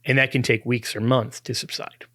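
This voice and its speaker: A man's voice: mid-range voice, level tone, moderate pace, a bit bright, dry recording, clean studio sound. A man hosting a talk podcast, explaining an argument in a conversational way with restarts and small chuckles. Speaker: podcast host. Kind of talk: apologetics talk.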